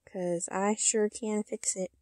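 A woman's voice: medium pitch, steady tone, slow, dark tone, no echo. A woman unboxing a reborn doll on her channel, talking in a cooing baby-talk way and giggling often. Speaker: reborn doll collector and vlogger. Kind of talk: casual unboxing chat.

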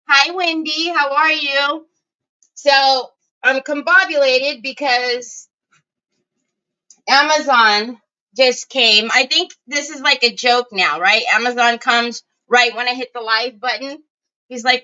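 A woman's voice: a little high, a little slow, pushed and bright, clear, resonant tone. A middle-aged woman hosting a craft livestream, chatting casually and greeting viewers by name. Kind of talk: casual live-stream chat. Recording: dull lo-fi home stream audio.

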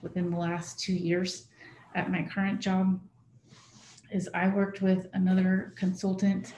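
Speaking in a mellow, medium-pitched voice, a woman presents a workshop to a live audience, keeping it conversational and checking in with her listeners. The room is echoey, with slight background noise.

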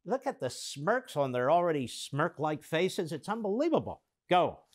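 A man's voice: on the high side, very animated, unhurried. A man hosting a political commentary show, reacting to clips in a sarcastic, indignant monologue.

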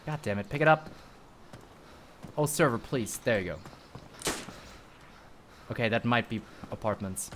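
A man streaming a game live, commenting excitedly, swearing often and talking to his chat. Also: mid-range voice, measured pace, pauses often, slight background noise. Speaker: livestreamer.

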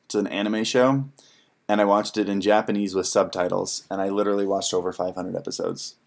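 A man's voice: low-pitched, fairly even intonation, fairly quick, vocal fry. A young man co-hosting a casual livestream Q&A, playful and jokey, reading out viewer questions. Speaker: livestream co-host.

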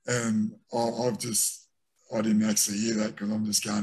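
A man's voice: fairly low pitch, moderate pace, breathy edge. A middle-aged Australian former rugby league player telling stories from his career in a casual interview, re-enacting what teammates said. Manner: animated anecdotes with re-enacted quotes.

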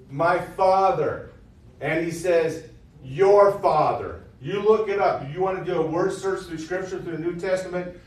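A male preacher gives an informal teaching sermon, talking to his audience in a loose, conversational way and repeating key phrases. His voice sits a little high. It is picked up from a distance in a very echoey room with faint noise behind it. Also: darkish tone.

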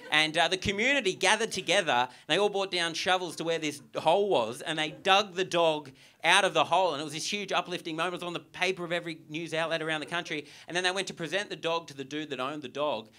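A man's voice: fairly high pitch, quick pace, sharp tone. A young Australian man performing stand-up comedy on a theatre stage, telling stories in a chatty way full of "like" and "right?" asides. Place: theatre comedy club with a live audience. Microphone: stage microphone. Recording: live stage recording with audience noise.

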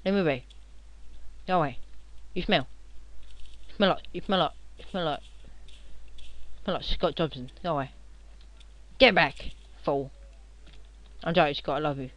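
A young man, rambling and joking as he narrates his own computer game, now and then shouting at enemies. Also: fairly high pitch, moderate pace, long pauses. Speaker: gamer playing on video. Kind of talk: casual game commentary.

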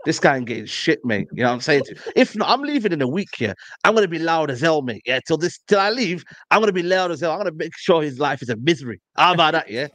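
A man's voice: on the high side, fast, hardly any pauses, dry recording. Slangy man ranting about football. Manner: animated storytelling, slangy, repeats "you know what I mean". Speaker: football podcast panelist. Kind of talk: casual fan banter.

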